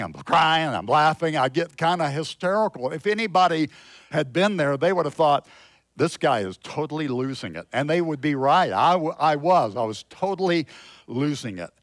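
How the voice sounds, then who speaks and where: A man preaching a sermon, slow and emphatic, swinging from loud exclamations to hushed storytelling. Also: fairly high pitch, expressive, no room sound, studio quality. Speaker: pastor.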